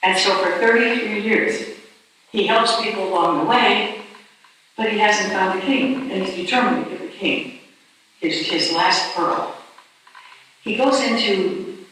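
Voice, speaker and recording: A woman telling a story as a sermon in a church hall, animated and dramatic, often restarting her words. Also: medium pitch, measured pace, long pauses. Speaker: speaker. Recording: echoey distant hall with faint noise.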